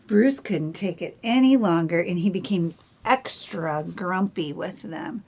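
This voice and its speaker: A woman reading a picture book aloud to children, gently asking them questions. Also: on the low side, lively intonation, unhurried, gravelly, hardly any pauses, breathy edge.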